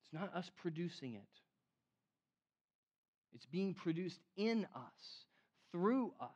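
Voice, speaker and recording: A man preaching a sermon in an animated, conversational way, acting out the quotes he cites. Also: high-pitched, takes it slowly, dull audio. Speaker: pastor.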